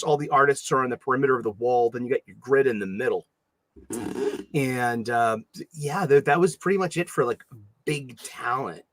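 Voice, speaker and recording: A man's voice: medium pitch, dry recording, studio quality. A man with a Boston accent, a podcast co-host telling rambling stories in casual chat, full of restarts. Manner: rambling, animated storytelling with many restarts.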